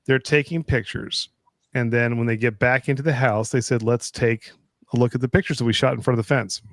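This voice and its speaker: A man's voice: medium pitch, steady tone, brisk, no room sound. Middle-aged male co-host, mid-range voice, dry close mic, rambling anecdotes full of restarts. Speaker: live stream co-host. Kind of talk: casual chat.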